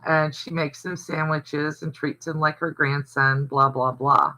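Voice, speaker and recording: His voice is a little high and fairly even in intonation, unhurried, bright and forceful, heard through poor audio. He's an older man from the Southern United States running a casual livestream, telling rambling stories and reading out viewer comments.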